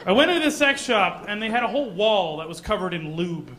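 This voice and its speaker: A man from Canada doing a stand-up comedy set in a comedy club, mostly deadpan, with sudden loud put-on voices. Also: sits high, fast, background noise.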